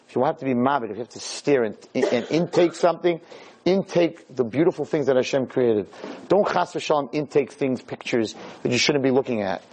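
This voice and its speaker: A rabbi giving a Torah lecture to a live audience in a room. He speaks emphatically, repeats his points and swings his pitch up and down. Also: darkish tone, slight background noise, poor audio.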